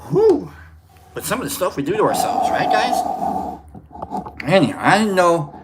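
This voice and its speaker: A man's voice: high-pitched, sing-song, moderate pace, very noisy. A man hosting a casual livestream, rambling and joking while greeting viewers by name. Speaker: livestream host.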